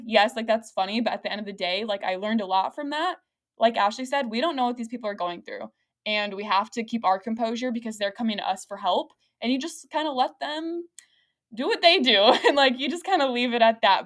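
A young adult woman hosting a podcast, telling a story in a lively, rambling way with lots of fillers and frequent laughter. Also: a little high, fast talker. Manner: laughs often while talking. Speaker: podcast host. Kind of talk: casual podcast chat.

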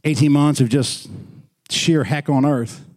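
A man's voice: fairly high pitch, measured pace, darkish tone. A male pastor preaching a sermon in a small church, talking conversationally, prodding the congregation with questions and repeating words for emphasis.

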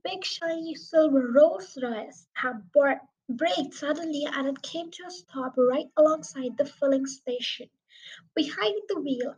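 A woman with a high voice reads a children's novel aloud, chapter by chapter. Her delivery is careful and plain, with lively emphasis on the story. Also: low-quality recording. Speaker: audiobook reader. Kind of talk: storybook reading.

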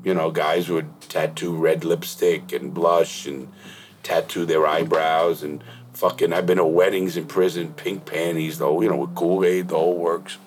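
A man's voice: sits low, fairly even intonation, normal speed, slight background noise. A middle-aged man hosting a podcast, telling blunt, profane stories in casual interview chat. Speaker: podcast host.

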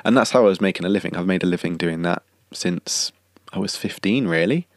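Briskly and in a deep voice, the young podcast host and singer-songwriter rambles through a chatty, casual monologue, fixing his own wording as he goes, with a slight cough. The sound is clean studio audio with no room sound.

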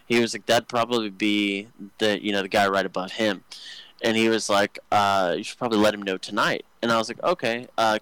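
A man's voice: on the low side, a bit bright, smooth, dry recording, low-quality recording. A young man telling rambling, crude work stories on a podcast, joking and full of fillers. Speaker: podcast co-host. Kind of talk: casual storytelling chat.

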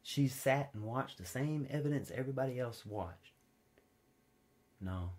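A man preaching a sermon in a relaxed, conversational way, telling personal stories with big swings between loud high peaks and low quiet passages. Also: normal speed. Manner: informal storytelling, wide swings in pitch and loudness, drops low and quiet for stories.

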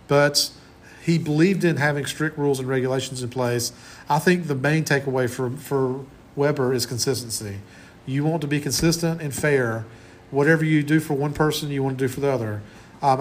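A man's voice: mid-range voice, slight background noise. A man in his forties giving a conversational classroom lecture as college instructor, often restarting his sentences. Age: 40s.

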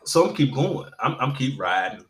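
Man telling a story in casual conversation: animated, profane, stammering restarts, echoey room. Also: mid-range voice, normal speed.

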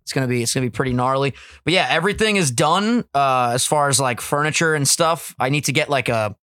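Guy hosting a podcast, bright voice, animated and swearing a lot, dry close sound. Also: medium pitch, fast talker, no echo. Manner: animated, profane storytelling. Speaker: podcast host. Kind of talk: casual chat.

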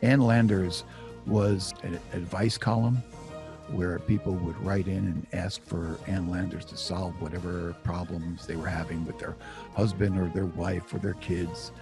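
A man's voice: sits low, fairly even intonation, unhurried, vocal fry, over music. A middle-aged man telling a personal story in a conversational, self-deprecating way, full of asides. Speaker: author and storyteller.

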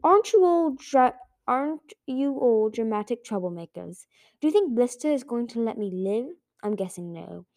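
A woman's voice: on the high side, animated, moderate pace, a little mellow, dry recording, studio quality. A woman voicing a sly, glib young male dragon, talking in a wry, airy way.

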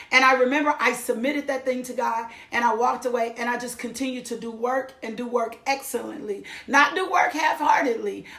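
In an echoey room, a middle-aged woman gives her church testimony emphatically, repeating phrases for effect. Her voice is high with a fairly bright tone.

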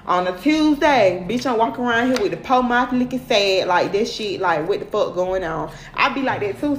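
Woman host, AAVE, blunt and profane motivational talk, slightly high voice, echoey room with faint hum. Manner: blunt, cussing, repeats "period" and "okay".

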